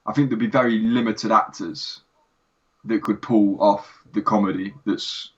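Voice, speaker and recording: A man co-hosting a relaxed review podcast with a somewhat low voice. He retells scenes with animated energy, breaking into laughter and calling his friend "mate". The sound is dull and lo-fi. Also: unhurried. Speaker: podcast co-host. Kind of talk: casual review chat.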